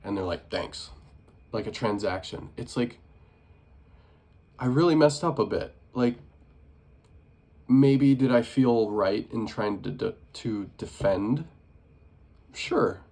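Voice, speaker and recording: A man's voice: lowish voice, slow, long pauses, a little mellow. A young man vlogging casually and earnestly about his life, rambling with many restarts and fillers. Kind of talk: casual personal vlog reflection.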